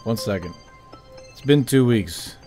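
Jokey game streamer with lively pitch. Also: male voice, measured pace. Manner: animated, jokey, chats with viewers. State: tired. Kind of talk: casual live-stream commentary. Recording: game soundtrack music playing behind. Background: game soundtrack music.

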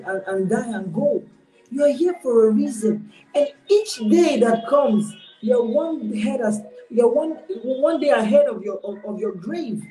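A woman's voice: on the high side, warm tone. Woman, online preacher, exhorting and conversational, roomy echo, faint music behind. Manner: exhorting, conversational, mixes in pidgin phrases. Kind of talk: informal online sermon.

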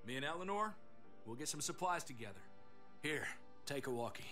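An actor playing a brash, rough-edged male survivor in a game. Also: on the high side, very animated, fairly quick, sharp tone, faint music behind.

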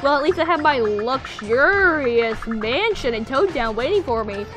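A woman's voice: sits high, expressive, measured pace, music in the background, voice pushed down. A woman voicing a snooty, self-important rich guest from a video game, in a haughty manner. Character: snooty rich mushroom-person VIP guest.

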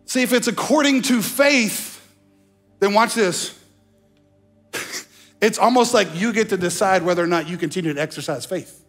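A man preaching a sermon as pastor, animated, slowing down to stress key phrases and slipping into mock voices. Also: sits high, faint music behind. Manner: slows down for emphasis on key phrases. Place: church sanctuary.

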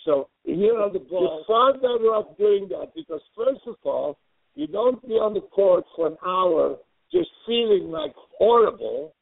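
A man's voice: sits high, big pitch swings, measured pace, vocal fry, no room sound. An older man, a tennis coach, telling blunt stories in an interview and often quoting what he tells players and parents. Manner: blunt, repetitive, quoting himself. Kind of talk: storytelling interview. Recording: tinny phone-like line.

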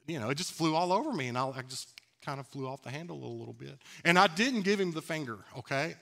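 In a church sanctuary, a pastor preaches a sermon in a slightly high, sing-song voice that's creaky and fairly bright. He talks quickly, candidly and conversationally, laughing at himself along the way.

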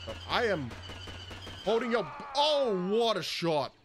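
A man talks through a shooter game in excitable, panicky bursts, his pitch high for a man and jumping all over. Clear game noise and ambience sit behind his voice. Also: measured pace. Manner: excitable, panicky running commentary. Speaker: gaming channel host. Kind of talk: gameplay commentary.

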